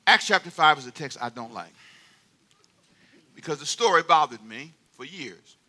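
A man preaching a sermon as pastor, playful and animated, drawing the congregation into call-and-response. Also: on the high side, normal speed.

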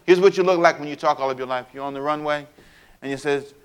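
A man preaching a sermon in an animated way, acting out little scenes with sound effects and playful asides. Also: on the high side, quick pace, clear, resonant tone. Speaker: pastor.

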